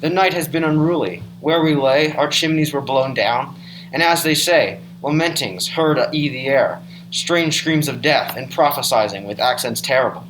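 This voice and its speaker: A young actor playing a courteous nobleman, reciting in a measured way in a school stage play. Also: medium pitch, a bit bright, slight background noise, natural voice, poor audio. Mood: uneasy.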